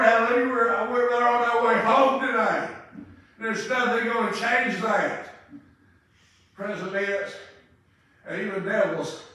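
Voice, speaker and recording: An older man preaching a revival-style funeral sermon in a funeral home chapel, halting and full of filler sounds, breaking into loud praise. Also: high-pitched. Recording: echoey room, distant mic.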